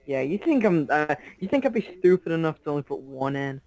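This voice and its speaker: A man's voice: on the high side, big pitch swings, darkish tone, rough recording. A man chatting casually as the opponent in an online card game, sheepish one moment and teasing the next. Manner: sheepish, teasing, quick to laugh. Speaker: opponent player.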